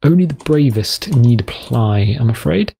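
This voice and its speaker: Rambling British man with a gravelly voice. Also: mid-range voice, expressive, unhurried, dark tone, slight background noise. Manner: rambling, self-deprecating, digressive. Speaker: gaming video host. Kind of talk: rambling let's-play commentary.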